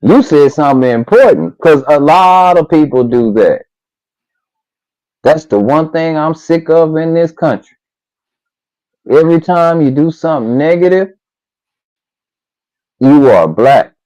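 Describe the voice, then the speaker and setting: A man in a casual discussion, halting and restarting as he slowly builds his point. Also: a little high, expressive, warm tone, muffled recording. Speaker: co-host.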